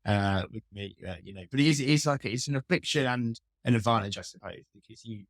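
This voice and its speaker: Speaking quickly at a medium pitch, a man who's a customer experience expert trades self-mocking, wry stories as a podcast guest. It's an easygoing interview, captured with clean studio sound and no room ambience.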